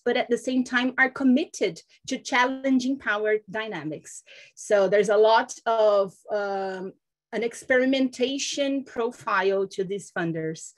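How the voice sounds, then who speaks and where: A woman from Brazil, presenting over a video call in a webinar. She speaks earnestly, with frequent fillers. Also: medium pitch. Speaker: foundation communications lead.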